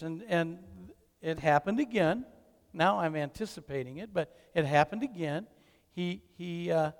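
Older man, grandfather type, halting self-mocking storyteller, high-pitched and gravelly. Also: in a large hall. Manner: halting, repeats words, self-mocking humor. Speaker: grandfather telling a family story. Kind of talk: personal storytelling.

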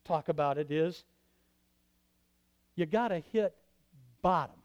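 A man preaching a sermon as pastor, swinging from loud declarations to hushed, quiet passages. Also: on the high side, slow pace, dull audio. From Michigan.

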